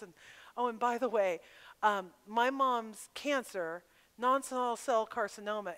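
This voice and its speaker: A woman's voice: medium pitch, fairly bright tone, smooth. Woman preaching candidly in a reverberant hall. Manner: candid, emotional storytelling with direct questions to the audience. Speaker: speaker at a women's retreat. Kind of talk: personal testimony sermon. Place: camp meeting hall. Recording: live hall with long reverb.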